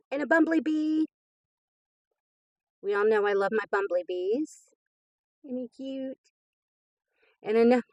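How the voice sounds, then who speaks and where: A woman's voice: medium pitch, lively intonation, slow, pauses often, darkish tone, no echo. A woman in her fifties hosting a crafting channel, gushing with enthusiasm as she opens happy mail in casual chat. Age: 50s. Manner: gushing and enthusiastic, frequent laughs.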